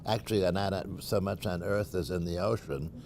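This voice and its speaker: Older male professor, gravelly, wry informal lecturer with dry asides. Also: low voice, fairly even intonation, moderate pace, darkish tone, a little hiss or hum. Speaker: math professor giving a lunch talk. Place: university seminar room.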